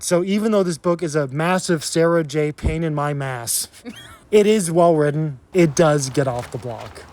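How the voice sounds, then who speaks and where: A man giving a casual, joking book review, sarcastic and quick to laugh. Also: on the high side, a little mellow.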